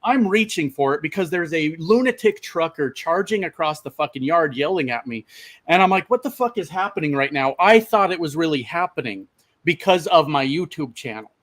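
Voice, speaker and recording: Male trucker vlogger, slightly high voice, casual storyteller, swears a lot, talks straight to viewers. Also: moderate pace. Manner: profane, animated, addresses viewers as "my friends". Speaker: truck driver and channel host.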